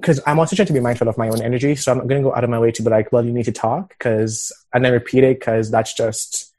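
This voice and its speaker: A man's voice: medium pitch, fairly even intonation, fast talker, darkish tone. A man hosting a podcast, chatting loosely and teasing his co-hosts. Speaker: podcast host. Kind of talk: casual podcast chat.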